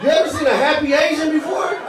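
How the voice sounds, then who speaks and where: Stand-up guy, kinda high voice, chatty and laughing along, roomy club with a crowd reacting. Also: fast talker, background noise. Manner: loose, chatty, laughing at his own jokes. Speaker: stand-up comedian. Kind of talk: stand-up comedy set. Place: comedy club stage. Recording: echoey club, mic at a distance, crowd.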